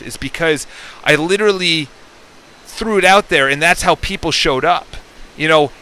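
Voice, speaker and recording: A man's voice: on the high side, sharp tone, rough recording. A man in a rambling, unscripted motivational monologue. He keeps restarting sentences and acts out quoted dialogue in shifting voices. He is a real estate agent speaking through a headset into a phone, likely from inside a parked car. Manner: rambling, with self-interruptions and restarts. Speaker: real estate agent and self-development vlogger.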